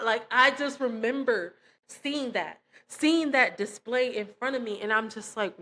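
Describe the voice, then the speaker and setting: A woman's voice: a little high, a little slow, bright, forceful tone. A young woman giving a casual spoken faith testimony, full of fillers and acting out quoted dialogue as she tells the story. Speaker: testimony speaker.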